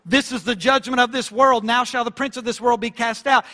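Guy preaching in church, loud on the big lines, drawn-out scripture, bright high voice. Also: fairly even intonation. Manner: emphatic preaching, surging loud on key phrases; stretches out quoted scripture slowly. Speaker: pastor. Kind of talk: sermon.

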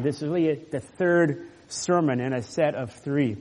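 A male pastor preaches a sermon and explains a passage with earnest, emphatic stresses. His voice sits a little high for a man. It echoes with a long reverb, as if in a church sanctuary. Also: a little slow, darkish tone.

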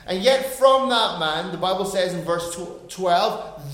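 A man in his forties preaching a sermon, swinging between hushed, quiet stretches and loud, emphatic bursts. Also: high voice, unhurried, echoey room. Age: 40s. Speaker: pastor.

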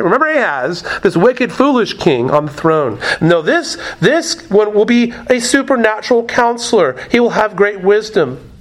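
A man with a notably high voice delivers an expository sermon. He repeats his main phrases for emphasis and often checks in with rhetorical questions. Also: fairly bright tone. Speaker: pastor.

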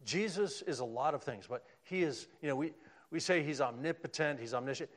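A man preaching a sermon, swinging from loud emphatic lines down to hushed, almost whispered ones. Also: fairly high pitch, a little fast.

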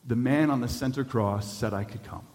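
A man's voice: medium pitch, moderate pace, a little mellow, natural voice. A man voicing a plain-spoken male thief giving short, blunt answers, in an echoey hall.

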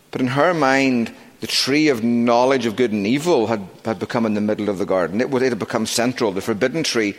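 Middle-aged man, pastor, preaching from the pulpit, emphatic and deliberate, reverberant sanctuary. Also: mid-range voice. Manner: emphatic preaching, slowing and stressing key words. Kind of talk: sermon. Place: church sanctuary. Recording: long reverb of a church sanctuary.

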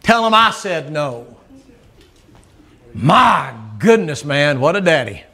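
A man's voice: fairly high pitch, sing-song, slow pace, pushed and bright, slightly rough. An older man preaching a sermon, telling a folksy story, laughing and acting out the dialogue.

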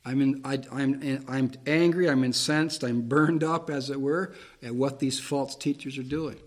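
A man's voice: medium pitch, steady tone, unhurried. A man preaching a Bible-teaching sermon, reading verses aloud and explaining them plainly, with fillers and restarts.

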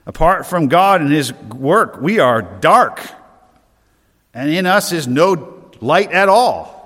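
A man's voice: fairly high pitch, sing-song, slow pace, pauses often, a bit bright, breathy edge, big-room sound. A man preaching an earnest, emphatic sermon as pastor, often restarting his phrases.

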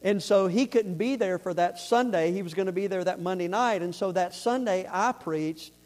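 Man, pastor, high-pitched, earnest sermon storytelling, rising to fervent shouted preaching. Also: moderate pace.

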